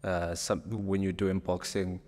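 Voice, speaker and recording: A man hosting a podcast, asking interview questions in a calm, hesitant way. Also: low voice, unhurried. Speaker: podcast host. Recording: echoey room with long reverb.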